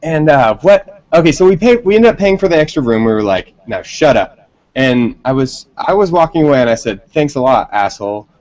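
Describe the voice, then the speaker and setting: A man's voice: medium pitch, big pitch swings, brisk, darkish tone, low-quality recording. A man, a band member being interviewed, telling a long story in casual, rambling talk with frequent laughs.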